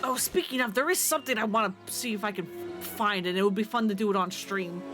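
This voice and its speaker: A woman's voice: mid-range voice, fast, over music. A woman chatting casually and swearing freely while streaming a video game. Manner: profane, chatty, laughs often. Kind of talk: casual gameplay chat.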